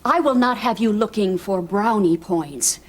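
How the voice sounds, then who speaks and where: A woman's voice: mid-range voice, unhurried, breathy edge. An actress playing a proper, reproachful senior woman in a hospital TV drama, speaking sternly. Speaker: senior hospital staff member. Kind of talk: daytime TV drama acting.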